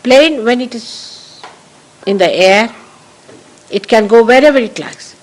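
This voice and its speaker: A woman's voice: a little high, lively intonation, slow, poor audio. A woman giving a spiritual talk to followers, emphatic and repeating her key phrases, in an archival recording. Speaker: spiritual teacher.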